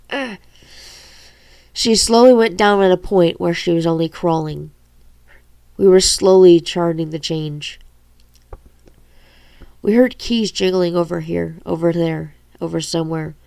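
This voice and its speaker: A woman reading her own novel aloud in a halting way, with stumbles and self-corrections. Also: fairly low pitch, fairly even intonation, gravelly, a little mellow, clean tone, no room sound.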